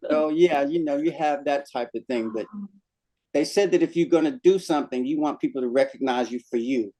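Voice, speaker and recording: A man, a guest singer in a casual interview, telling animated stories and laughing often. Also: on the high side, brisk.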